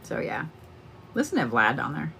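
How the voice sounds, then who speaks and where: A woman's voice: sits low, huge pitch swings, moderate pace, gravelly, fairly bright tone, slight background noise. A middle-aged woman hosting a live stream as a psychic card reader, chatting casually and rambling to viewers with plenty of swearing. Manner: chatty, rambling and freely profane.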